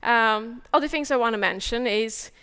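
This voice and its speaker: A woman giving a technical conference talk, speaking as an energetic, chatty presenter handing out advice. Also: fairly high pitch, normal speed, smooth, long reverb tail. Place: large conference hall.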